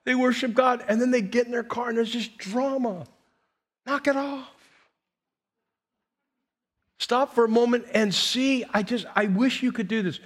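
A man in his sixties preaching as a pastor, swinging from loud emphasis to hushed quiet. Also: very high-pitched, normal speed. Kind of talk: sermon.

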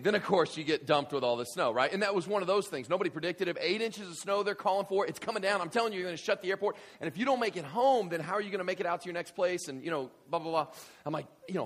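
A male guest preacher telling a story in a sermon, full of restarts and rising to shouts. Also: a little high, quick pace. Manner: animated, many restarts, builds to shouting.

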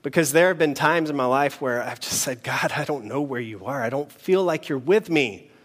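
A man preaching a sermon in an earnest, measured way, pausing between phrases. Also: medium pitch, a bit bright. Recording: long hall reverb.

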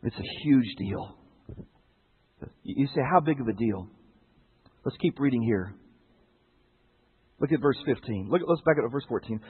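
A man's voice: mid-range voice, expressive, moderate pace, pauses often, slightly rough. A man preaching a sermon in a conversational way, often asking his listeners rhetorical questions. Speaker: pastor. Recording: tinny narrow-band broadcast sound.

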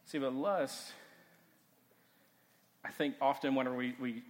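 A man in his thirties, a youth pastor, giving a casual, animated sermon full of stories and "like" fillers. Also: medium pitch, measured pace. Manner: animated, chatty, heavy use of "like". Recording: long hall reverb.

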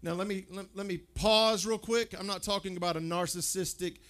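A man's voice: high-pitched, fairly even intonation, brisk, a bit bright. A male pastor preaching a sermon in a conversational way, asking the listeners questions and often stumbling over and repeating his words.

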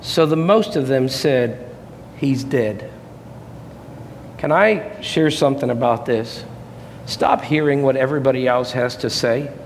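A man preaching a sermon as a pastor, impassioned, swinging between soft reflective passages and loud rising peaks. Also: a little high, a little hiss or hum. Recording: long hall reverb, faint ambience.

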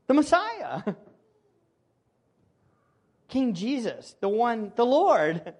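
Animated preacher with a swinging voice. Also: male voice, very high voice, very slow, pauses often. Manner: animated, swings from loud exclamation to hushed intensity; addresses listeners as "beloved". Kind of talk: sermon.

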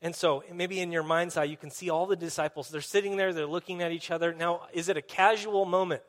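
A man's voice: a little high, fairly even intonation, fairly quick, fairly bright tone. A man as a pastor, preaching a sermon in an earnest, conversational storytelling way.

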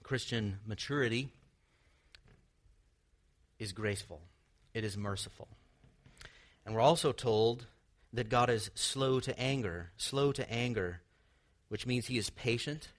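A man's voice: medium pitch, a little slow, pauses often. A man preaching a sermon, teaching earnestly with rhetorical questions and the odd light laugh. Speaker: pastor.

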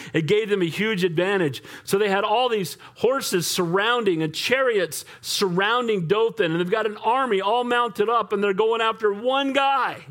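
Man, pastor, sermon, high voice, animated, conversational. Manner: animated, conversational, asks amen often.

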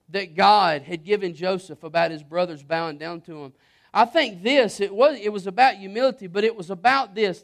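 Preacher guy, high-pitched, folksy chatty sermon, keeps restarting his sentences. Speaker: pastor.

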